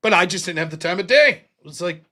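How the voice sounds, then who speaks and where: A middle-aged American man hosts a late-night stream and tells an embarrassing story in a loose, profane way, laughing as he goes. His voice is bright and his pitch swings widely. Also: fast talker. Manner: profane, animated, laughs often. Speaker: livestream host. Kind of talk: casual storytelling.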